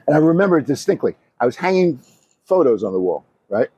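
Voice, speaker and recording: Husky-voiced man spinning lively anecdotes. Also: a little high, fast. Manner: animated anecdotes, swears freely, laughs often. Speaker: former comedy club owner, co-host. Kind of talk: casual storytelling chat.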